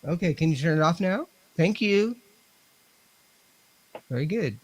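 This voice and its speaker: A man's voice: on the high side, expressive, unhurried, darkish tone, faint music behind. A man, chatting on a radio show as a ghost hunter and talking to spirits. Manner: talks to spirits and equipment, chatty. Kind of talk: casual radio show chat.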